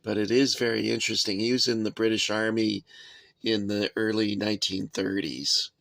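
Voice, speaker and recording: A man's voice: fairly low pitch, fairly even intonation, normal speed, creaky, fairly bright tone, dry recording. Rambling man in a dry room. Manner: rambling, chatty, frequent uh and um, dry asides. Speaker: toy soldier collector reviewing figures. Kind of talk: casual show-and-tell review.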